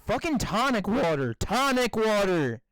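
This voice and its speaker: High-voiced man ranting in a dry room. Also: unhurried, clear, resonant tone, dry recording. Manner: excitable, heavy swearing, rants in rising bursts. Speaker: podcast co-host. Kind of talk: casual chat. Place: his bedroom. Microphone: remote call.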